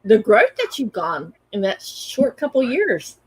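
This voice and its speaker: A woman's voice: fairly high pitch, wildly swooping pitch, a little slow, darkish tone, slightly rough, no echo, low-quality recording. A woman hosting a casual interview, asking friendly, enthusiastic questions. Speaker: host.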